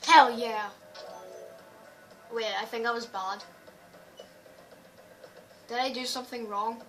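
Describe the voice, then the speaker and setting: Excitable high-voiced woman gaming. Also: slow pace, music in the background. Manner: excitable, playful trash talk and loud outbursts. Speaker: gaming channel host. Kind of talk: racing game commentary. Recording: distant mic with background noise.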